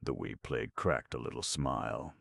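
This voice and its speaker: A guy with a deep, gravelly voice reads an audiobook in a steady, measured way. The scripted narration has a dry, close recording sound.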